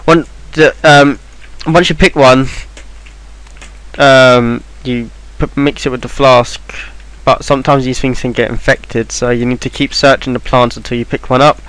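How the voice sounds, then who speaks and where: A man's voice: mid-range voice, fairly even intonation, measured pace, fairly bright tone, smooth, rough recording. A man talking through a game walkthrough in an offhand, rambling way, with plenty of ums and restarts. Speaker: game guide maker. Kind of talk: casual game walkthrough voice-over.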